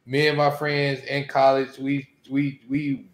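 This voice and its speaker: A man's voice: medium pitch, little pitch movement, unhurried, reverberant. A man in his thirties, a podcast co-host, talking in a laid-back, rambling way in casual chat.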